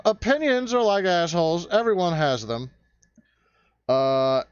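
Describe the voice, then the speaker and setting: A man's voice: sits high, clean tone, no room sound. A man hosting a profane rant vlog, talking in a crude, sarcastic and fired-up way. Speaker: vlog host ranting. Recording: dull, lo-fi dry recording.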